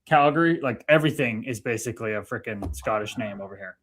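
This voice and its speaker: A man's voice: on the low side, fast talker. Chatty Canadian man on a live stream. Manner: relaxed, chatty, reads chat aloud. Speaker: co-host. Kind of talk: casual live-stream chat.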